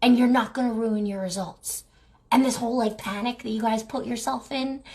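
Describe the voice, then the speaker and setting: A woman's voice: on the high side, steady tone, normal speed, a little mellow. A woman who runs a massage clinic, talking casually and with exasperation to her viewers, asking rhetorical questions and saying "like" and "right?" often. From New Jersey, United States. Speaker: clinic owner and lymphatic massage therapist. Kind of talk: casual talking-head advice video.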